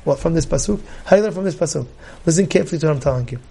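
A rabbi gives a Torah class in a fairly high voice. He teaches emphatically, asking rhetorical questions and breaking into loud outbursts. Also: racing, vocal fry, breathy edge.

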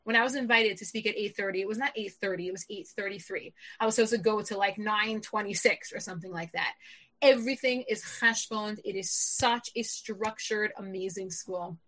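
Bright-voiced woman telling a lively story. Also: a little fast, poor audio. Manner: animated, jumps high when quoting herself. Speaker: public speaker. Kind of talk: personal storytelling.

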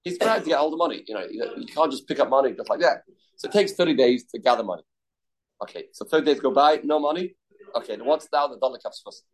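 A man's voice: mid-range voice, lively intonation, fast talker, low-quality recording. A man teaching a daily Talmud class, explaining loosely with restarts and of terms.

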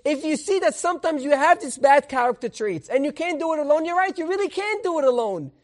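High-voiced rabbi telling a parable. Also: male voice, fast. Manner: animated storytelling, Hebrew terms. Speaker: rabbi teaching a class. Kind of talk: Torah lesson with a parable.

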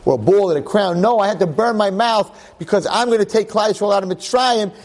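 Man, teacher, animated joking storyteller, husky, fairly high. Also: brisk, big-room sound. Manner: lively, joking, acts out quotes. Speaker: religious teacher.

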